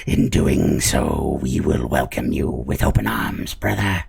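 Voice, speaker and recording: A zealous rat-folk cultist growls his threats very slowly from deep in his throat. His voice is rough and raspy, yet it swings widely in pitch. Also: animated, a little mellow, full character voice. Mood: scheming. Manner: slow, gravelly menace with hissing threats. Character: hissing male rat-folk cultist leader, menacing zealot. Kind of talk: tabletop role-play voice.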